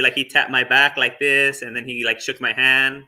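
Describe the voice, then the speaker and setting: A man's voice: medium pitch, steady tone, moderate pace, pushed and bright. A man who is a Buddhist monk telling a personal story in a chatty way, with fillers and small laughs. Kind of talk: casual storytelling talk.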